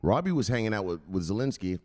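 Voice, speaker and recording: A man with a voice on the low side talks fast as he hosts a crypto news livestream. His manner is animated and profane; he jokes, chats casually, and greets people in chat by name.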